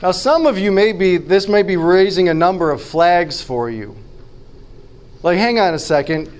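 A male pastor with a high-pitched voice delivers a sermon. He talks to his congregation in a conversational way and puts questions to them. He slows down to stress the phrases that matter most. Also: animated. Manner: conversational, asks the listeners rhetorical questions.

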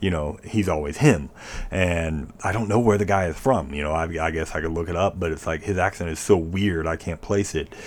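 A man's voice: low voice, a little fast, a little hiss or hum. A man chatting casually as a podcast co-host, opinionated and rambling, swearing freely. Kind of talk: casual chat.

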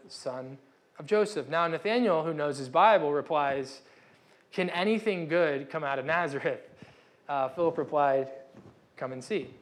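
Young male pastor, casual conversational sermon, slightly higher voice, self-interrupting, acts out the dialogue.

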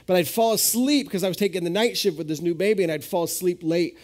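Guy pastor preaching live at church, kinda high voice, jumps up loud and high telling stories. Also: fast talker. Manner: animated storytelling with sudden rises in pitch. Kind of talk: sermon. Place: church hall, live service.

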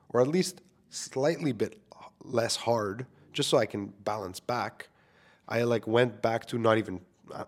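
A young man, a filmmaker, talking casually into a microphone to his listeners, candid and self-deprecating, swearing freely. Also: medium pitch. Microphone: studio microphone.

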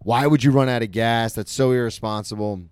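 A man's voice: medium pitch, brisk, darkish tone, clean tone, dry recording, studio quality, lightly acted. A man doing an indignant, swearing mother. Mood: angry. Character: angry mother scolding her son.

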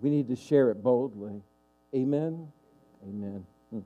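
Impassioned pastor preaching, dull sound. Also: male voice, medium pitch, unhurried. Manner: impassioned preaching with call-and-response asides. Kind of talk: sermon.

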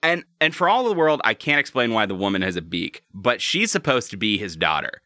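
A man hosts a casual podcast, talking in an animated way and laughing easily. His voice is bright and swings widely in pitch, with a dry, close sound and no room echo. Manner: animated and chatty, quick to laugh. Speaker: podcast host.

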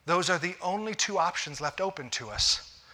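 Male pastor, sermon delivery, very bright tone, slightly high voice, conversational with restarts. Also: lively intonation, moderate pace. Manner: conversational preaching with repeated restarts.

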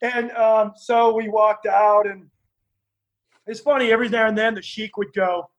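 A man telling lively stories as a guest, acting out the other people in his tales. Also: high-pitched, measured pace, lo-fi sound. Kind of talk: animated anecdotal storytelling.

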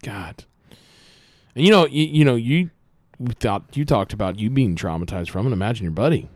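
Animated, joking male podcast host. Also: mid-range voice, normal speed, dry recording, studio quality. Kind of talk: casual podcast chat.

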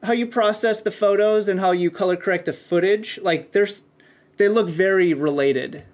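A man's voice: high voice, moderate pace. A man hosting a casual chat, easygoing and interested, using slang. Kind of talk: casual conversation.

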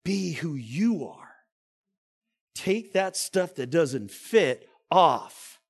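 A male pastor preaching a sermon, dramatic, swinging between loud emphasis and quiet asides. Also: fairly high pitch, sing-song, extremely slow, vocal fry, slightly rough.

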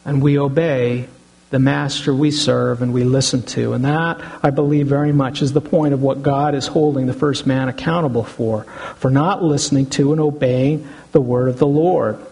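A man's voice: mid-range voice, steady tone, normal speed, creaky, a little mellow, slightly rough, rough recording. A middle-aged man, a pastor, preaching an earnest sermon and often addressing the congregation as brothers and sisters.

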